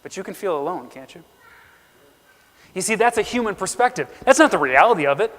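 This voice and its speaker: A man's voice: high-pitched, animated, a little fast, fairly bright tone. A man preaching an earnest sermon in a church, reading scripture aloud and acting out the quotes. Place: church sanctuary. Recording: long reverb of a church hall.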